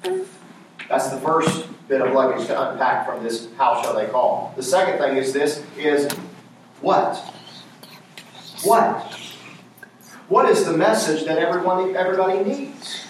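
A high-pitched man preaches a sermon, prompting his congregation with call-and-response questions. His voice reaches the mic from a distance. It booms around a very echoey church hall. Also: expressive, measured pace, long pauses, slight background noise.

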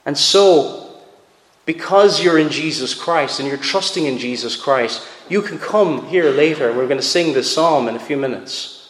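Here a pastor preaches a sermon with earnest emphasis and repetitions, his male voice a little high and fairly bright, at normal speed. The church sanctuary echoes with long reverb.

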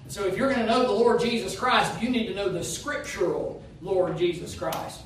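A man's voice: high-pitched, normal speed, fairly bright tone, slight background noise. A man preaching a sermon, his delivery emphatic, with rising phrases that slip into half-singing. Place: church sanctuary. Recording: distant mic in an echoey room.

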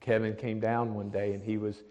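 A man, a pastor, telling a testimony story, dropping to a hush for the words of others. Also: fairly low pitch, level tone, moderate pace. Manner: drops to a hushed voice for quoted speech. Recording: long hall reverb.

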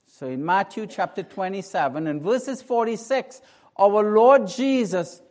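A man delivers a sermon as pastor, his voice pitched high. He speaks slowly, dropping to a hushed prayer and then building to emphatic, rising lines. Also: expressive.

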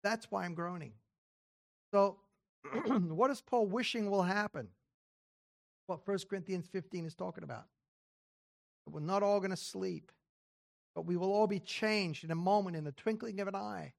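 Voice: mid-range voice, normal speed, long pauses. Conversational preacher teaching scripture. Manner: reads scripture aloud, then explains in plain talk with rhetorical questions; casual spoken phrasing with occasional throat clearing. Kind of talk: expository sermon.

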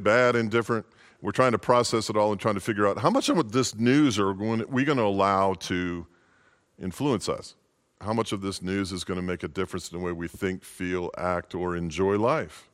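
A male pastor giving a short, informal holiday sermon in a folksy, conversational way. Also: fairly low pitch.

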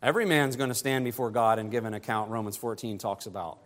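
A pastor preaching a sermon, climbing higher and louder to press his points and dropping soft and low to close them. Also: quick pace, big-room sound.

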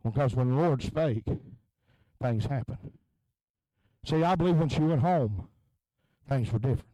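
A man preaching a revival sermon in a tent, moving between low, quiet talk and chanted, shouted peaks. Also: lively intonation, moderate pace, no echo, low-quality recording.

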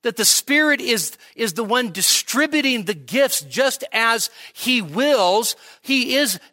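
Guy preaching a bible study sermon, bright high voice, slow and deliberate, keeps asking "okay?". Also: big pitch swings. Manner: conversational teaching, frequent "okay?" and "all right?" checks; emphatic, slowing to stress key phrases. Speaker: pastor. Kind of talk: expository sermon. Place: church midweek service.

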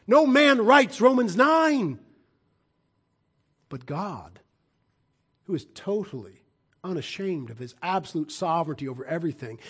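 Emphatic man preaching a fiery sermon. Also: breathy edge. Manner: emphatic, swings between loud declarations and quiet low asides.

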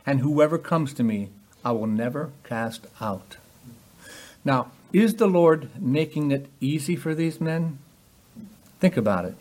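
Delivering an emphatic sermon full of rhetorical questions, this man gives voice to the figures in the passages he quotes. He speaks at a medium pitch, and his tone is a little mellow.

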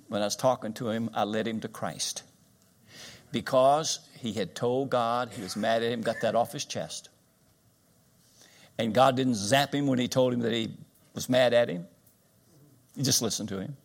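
An older man from Kentucky, preaching a sermon in a folksy, plain-spoken storytelling way. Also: mid-range voice.

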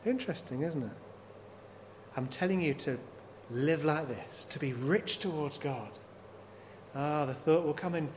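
A man's voice: a little high, a little slow. A man preaching a sermon, working through scripture with repeated rhetorical questions. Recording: long hall reverb, faint noise.

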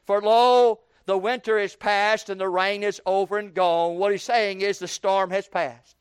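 A male preacher with a high, clear, resonant voice. He drops to quiet, low phrases, then climbs to loud, ecstatic praise. The sound is dry and close, with no room echo. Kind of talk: sermon.

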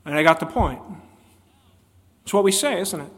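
A male pastor with a fairly high voice delivers an emphatic sermon, pressing his listeners with rhetorical questions. His voice rings out with a long reverb, as in a church sanctuary. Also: huge pitch swings, fairly quick, pauses often.

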